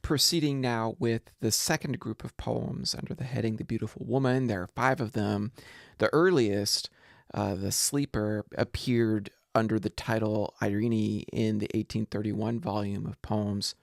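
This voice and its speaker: A man lecturing on literature in a measured, deliberate way, reading verse aloud. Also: lowish voice, fairly even intonation, creaky, dry recording, studio quality. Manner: measured, deliberate delivery with poems read aloud. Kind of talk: recorded lecture.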